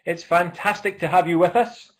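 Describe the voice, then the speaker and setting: A man with a fairly high voice opens an online webinar as its host. He greets viewers across the world in an upbeat, welcoming way. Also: normal speed.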